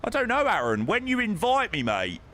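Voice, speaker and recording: A man's voice: high voice, huge pitch swings, moderate pace, bright, forceful tone. A young man casually chatting with his live-stream viewers while flying a sim, matey and greeting people by name.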